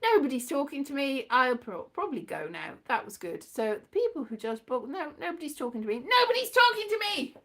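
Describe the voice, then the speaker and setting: A woman's voice: high-pitched, very animated, brisk, few pauses, heavy background noise. A woman vlogger rambling casually to her viewers, giggly and self-mocking.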